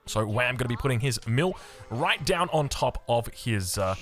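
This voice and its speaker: A man's voice: moderate pace, faint music behind. A young Australian man casting a strategy game, chatty and upbeat, wandering into rambling asides. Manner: chatty, rambling asides, lively swings in pitch. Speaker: game caster. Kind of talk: energetic esports commentary.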